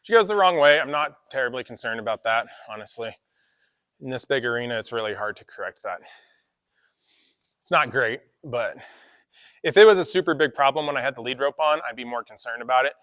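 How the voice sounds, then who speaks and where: A man training a horse in an arena, talking through his work in a relaxed, chatty way and coaxing the horse now and then. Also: medium pitch, fairly quick, no room sound, studio quality. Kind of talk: casual spoken explanation while working a horse. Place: outdoor horse arena with deep sand.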